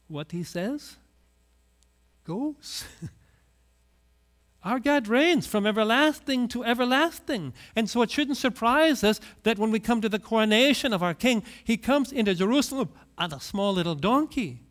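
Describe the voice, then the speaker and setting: Male preacher, high voice, slow, very lively storytelling delivery. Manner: storytelling, acts out quoted voices. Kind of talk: sermon.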